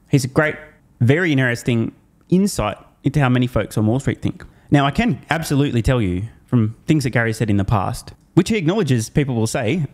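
A man hosting a finance video in casual commentary, animated and sarcastic, swearing in disbelief. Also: mid-range voice. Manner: upbeat sponsor read.

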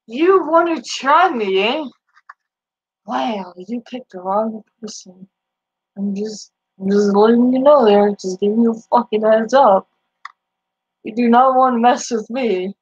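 A woman's voice: a little high, measured pace, darkish tone, husky, muffled recording. A woman streamer in casual live-stream chat, profane and teasing, laughing often as she talks back to viewers.

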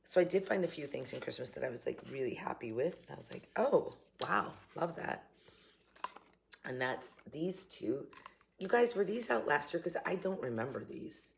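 Chatty Southern woman with a gravelly voice. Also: sits low, lively intonation, fairly quick, a little mellow, slight background noise. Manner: chatty, laughing, upbeat. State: coughing. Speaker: vlogger. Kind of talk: casual morning chat to camera. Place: home kitchen.

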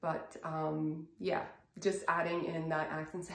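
A woman's voice: deep voice, level tone, a little slow, vocal fry, echoey room. Chatty, self-deprecating woman vlogger. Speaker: wellness vlogger. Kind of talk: casual vlog.

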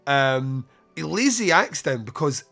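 A man's voice: medium pitch, sing-song, a little slow, creaky, fairly bright tone, faint music behind. A man hosting a podcast, casually recapping a film scene by scene, swearing freely and laughing between lines. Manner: swears casually, laughs often, retells scenes with lots of fillers. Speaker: podcast host. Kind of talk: casual film review chat.

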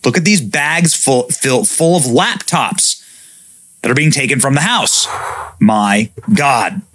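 A man hosting a commentary show, reading out news and reacting in an animated way. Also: medium pitch, takes it slowly, no room sound. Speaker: host.

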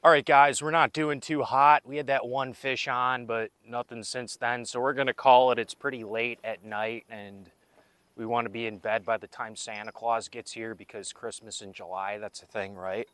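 A man's voice: medium pitch, fairly even intonation, moderate pace, a bit bright, clean tone, no echo. A young man hosting a fishing vlog, joking and rambling to his viewers while he fishes by a river at night. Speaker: fishing vlogger. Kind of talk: casual vlog narration.

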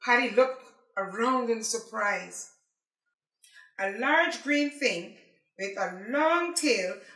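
A woman reading a children's picture book aloud as a library storyteller, in an expressive, animated way. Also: on the high side, reverberant, low-quality recording.

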